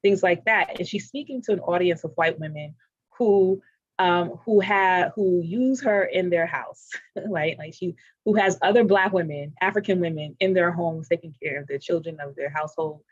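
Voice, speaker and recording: A panel speaker giving an unscripted convention talk, halting, with many fillers, restarts and repeated words. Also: medium pitch, no room sound. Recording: dull, dry sound.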